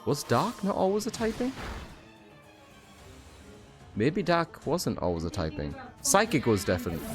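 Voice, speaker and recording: A man's voice: a little high, wildly swooping pitch, moderate pace, soft background music. A young man streaming a game, talking in a tired, rambling way full of fillers and casual swearing. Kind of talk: casual gameplay commentary.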